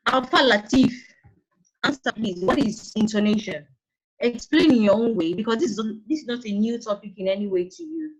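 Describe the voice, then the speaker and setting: A woman's voice: fairly high pitch, lively intonation, moderate pace, slightly rough. A woman with a Nigerian accent teaching secondary school English over an online call, patient and coaxing as she calls on students by name. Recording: dull lo-fi online call audio.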